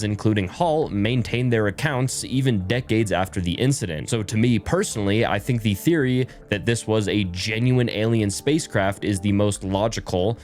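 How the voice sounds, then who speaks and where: A man's voice: fairly low pitch, a little mellow. A man narrating a video from a script in a conversational way, speaking straight to his viewers. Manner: conversational, addresses viewers directly. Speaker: YouTube narrator.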